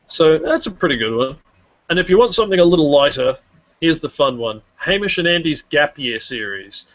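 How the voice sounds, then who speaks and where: Guy hyping up a travel show, swears a lot, higher voice, muffled lo-fi sound. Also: lively intonation, moderate pace, fairly bright tone. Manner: enthusiastic, swears casually. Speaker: podcast co-host. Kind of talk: casual review chat. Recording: muffled lo-fi mic.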